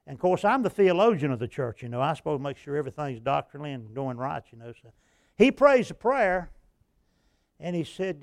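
An older preacher with a high, ringing voice, spinning a homespun story from the pulpit and climbing in fervor as he recounts the prayers. The sound is dry and close, with little room around him. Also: very animated, fairly quick, creaky, no echo. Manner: folksy, rising to impassioned when recounting prayers. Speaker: pastor and revival preacher. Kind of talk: sermon with personal storytelling.

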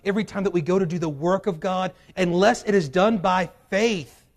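A man preaches from the pulpit of a church, his voice set a little high for a man. His delivery is emphatic, climbing to loud, urgent peaks and then falling back to quiet, low drops. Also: normal speed. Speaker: pastor. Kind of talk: sermon. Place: church sanctuary.

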